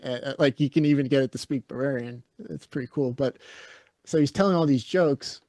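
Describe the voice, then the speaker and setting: A man's voice: medium pitch, fairly quick, darkish tone, dry recording, studio quality. Blunt, opinionated male podcast co-host. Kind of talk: casual podcast chat.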